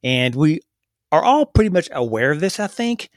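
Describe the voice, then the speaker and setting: A man hosting a solo motivational podcast, talking earnestly and excitedly, with stumbles and restarts. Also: fairly high pitch, moderate pace, no echo, clean studio sound. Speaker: podcast host.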